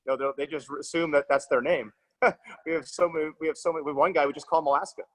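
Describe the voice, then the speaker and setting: A man's voice: on the high side, fairly even intonation, racing, poor audio. A man hosting a podcast interview, chatting casually and rambling with frequent restarts. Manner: rambling, restarts phrases, many fillers. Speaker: podcast host.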